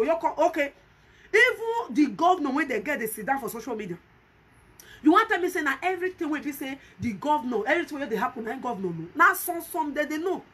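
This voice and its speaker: Woman, Nigerian Pidgin accent, high voice, emphatic vlog commentary, repeats herself. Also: fairly bright tone. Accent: Nigerian Pidgin English. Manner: emphatic, repetitive, pleads with viewers. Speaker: vlogger.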